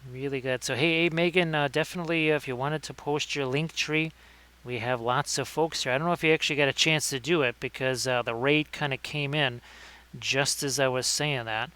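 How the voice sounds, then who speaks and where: A man's voice: medium pitch, steady tone, fairly quick, bright, forceful tone, clear, resonant tone. A man hosting a casual livestream painting tutorial, chatting with viewers by name between painting tips. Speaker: miniature painting streamer.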